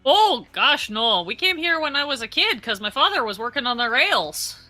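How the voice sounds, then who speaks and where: A woman's voice: sits high, sing-song, moderate pace, pushed and bright, faint music behind, voice pushed up, exaggerated voice. A woman voicing a chatty young female telegraph clerk who talks in a folksy way. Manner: folksy and talkative, says "don't you know".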